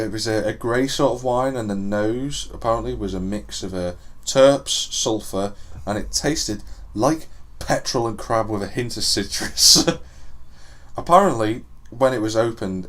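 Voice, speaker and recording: A man's voice: fairly low pitch, fairly bright tone. A young man co-hosting a podcast in casual chat, joking, laughing and reading out news. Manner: banter, laughing often, reads out news. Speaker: podcast co-host.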